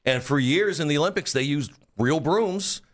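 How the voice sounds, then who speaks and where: A man talks through the rules and history of curling on a radio sports show. His voice swings widely in pitch as he gets into the details, and he often repeats a word before the sentence takes off. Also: expressive, moderate pace. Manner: enthusiastic, explanatory, repeats words when starting. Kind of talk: casual studio chat. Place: radio studio.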